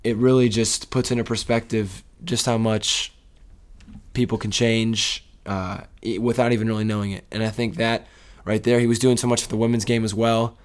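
A man's voice: fairly low pitch, little pitch movement, moderate pace, clear, resonant tone. Emotional man rambling about sports. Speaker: sports podcast co-host. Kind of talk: casual sports talk.

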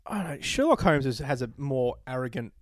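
A man's voice: medium pitch, very animated, fairly quick, no room sound, studio quality. A man co-hosting a casual movie-review podcast, eager and chatty, telling stories with quoted asides. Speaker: podcast co-host.

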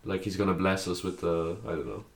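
Irish man, twenties, co-host, crude jokes, very low voice, roomy. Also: flat delivery, brisk. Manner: crude joking, laughs often. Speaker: podcast co-host. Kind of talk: casual chat. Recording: roomy echo.

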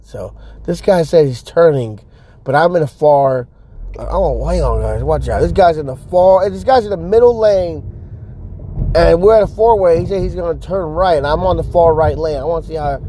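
A man's voice: on the high side, normal speed, dark tone. Rambling, cursing man ranting in a car. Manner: rambling, profane, frustrated. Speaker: social media creator. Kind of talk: casual vlog rant while driving. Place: in a car on the road. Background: faint car noise.

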